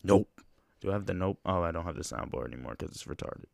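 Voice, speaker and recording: Low-voiced man rambling on his podcast. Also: animated, racing, vocal fry, dry recording, studio quality. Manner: rambling, loose and conversational with frequent fillers. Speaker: podcast host. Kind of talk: casual solo podcast chat.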